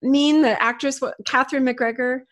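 A woman's voice: high-pitched, fairly even intonation, normal speed. A woman co-hosting an interview, chatting casually and reading out questions sent in by listeners. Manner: friendly, reads out listener questions. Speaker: podcast co-host.

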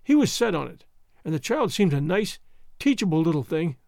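A man narrating a classic novel as an audiobook, in a measured, expressive storytelling manner. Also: a little high, vocal fry, no echo, clean studio sound. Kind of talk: scripted narration.

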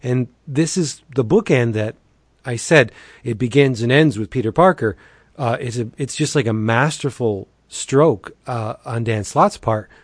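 A man in casual chat, excitedly recapping a story with many restarts and little acted quotes. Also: mid-range voice, a little slow, no echo, clean studio sound. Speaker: podcast co-host reviewing comics.

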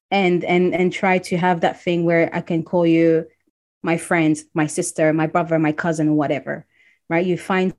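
In a lowish, slightly mellow voice, a Congolese woman tells a personal story in casual conversation, performing the voices of those she quotes.

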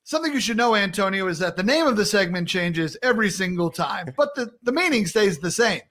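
A man's voice: sits high, lively intonation, fairly quick, a bit bright. A male podcast host in casual chat, upbeat and chatty, laughing often.

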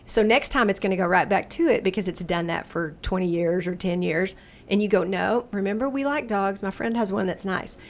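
A middle-aged woman speaks at a natural mid pitch in a relaxed interview. She explains with lively energy and now and then slips into playful quoted voices. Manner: animated, acts out the brain's inner voice in playful quotes. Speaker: guest speaker who runs retreats and workshops. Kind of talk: casual explanatory interview talk.

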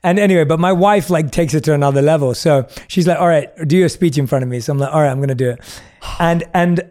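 A man's voice: a little high, a little fast, darkish tone. A man hosting a podcast interview, telling stories with frequent laughs and a self-deprecating manner. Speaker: podcast host. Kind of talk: casual interview chat.

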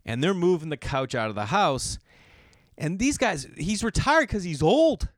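A middle-aged man from the US Northeast hosting a podcast. He tells a long personal story in a rambling, animated way, with lots of restarts and quick jumps into other people's voices. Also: high voice, dry recording, studio quality. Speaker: podcast host. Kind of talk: storytelling monologue.

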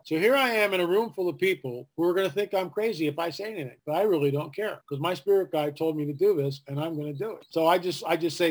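A man telling a story in a casual, animated way, acting out the voices of people he quotes. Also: on the high side, fast, few pauses. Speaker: guest.

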